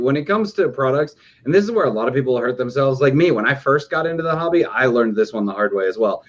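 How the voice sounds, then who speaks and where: Emphatic advising man, muffled sound. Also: medium pitch. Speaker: aquarium hobbyist co-host. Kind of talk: casual chat.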